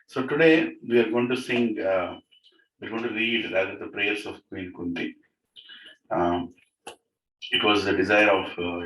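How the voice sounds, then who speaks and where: Man, devotional talk at home, animated, bright voice, distant mic, faint noise. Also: lowish voice. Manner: animated, chuckling, asks "right?" often. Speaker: speaker at a home devotional gathering. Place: living room of a home. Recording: echoey room, mic far off, faint noise.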